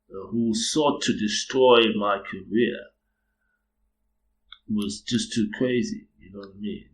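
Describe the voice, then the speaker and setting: A man with a low voice tells an animated, profane story, repeating phrases and laughing often. The recording sounds roomy and echoey. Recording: roomy echo.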